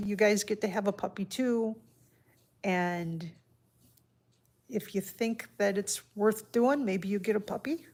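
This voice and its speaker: A woman hosting a casual livestream from home, chatting softly and heartfelt while answering viewers by name. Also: mid-range voice. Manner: soft-spoken and heartfelt. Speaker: livestream host. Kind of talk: casual live-stream chat.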